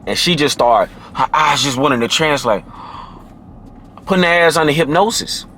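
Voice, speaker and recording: A man giving casual dating advice to camera, emphatic and slangy, who drops into a deep low voice to demonstrate. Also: expressive, normal speed, background noise. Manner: emphatic and slangy, often adds "man" and "you feel me".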